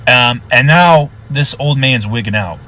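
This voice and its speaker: A young adult man, a police officer, telling a story with animated delivery and lots of swearing. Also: a little slow, rough recording. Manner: animated, swears freely, voice jumps high when excited. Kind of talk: profane storytelling.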